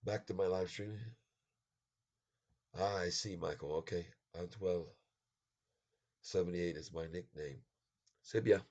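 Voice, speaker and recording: A man's voice: low-pitched, takes it slowly, pauses often, darkish tone, dull audio. An American man hosting a casual live stream, chatting with viewers, laughing often and mixing in bits of French and Spanish. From United States.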